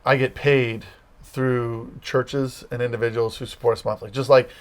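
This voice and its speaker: Relaxed man explaining conversationally. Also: medium pitch, moderate pace. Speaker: campus ministry director. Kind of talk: casual interview answers.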